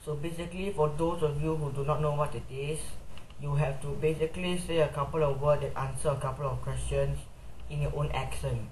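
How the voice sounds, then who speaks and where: Singaporean man, vlogger, fairly high voice, echo, faint hum. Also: steady tone, a little fast, darkish tone. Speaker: YouTuber. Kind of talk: vlog accent tag. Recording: echoey room.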